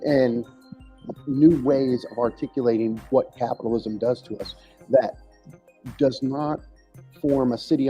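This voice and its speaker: A man with a mellow, warm voice talks earnestly and reflectively, laying out his ideas at length. It is a relaxed conversation, with faint music in the background. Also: mid-range voice, rough recording. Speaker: podcast guest. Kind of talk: casual discussion.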